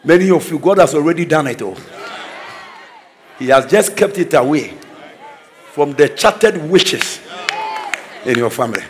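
High, lively preacher man. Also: measured pace, pauses often, slight background noise. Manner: exclaiming declarations, swinging between soft asides and shouts. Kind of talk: energetic sermon with storytelling.

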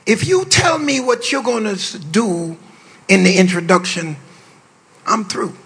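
A man's voice: animated, a little slow, gravelly, breathy edge. Older man preaching in a large hall. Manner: playful, boastful asides, swings from low drawl to loud shouts. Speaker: bishop preaching at a pastors' conference. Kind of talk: sermon. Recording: long reverb of a large hall.

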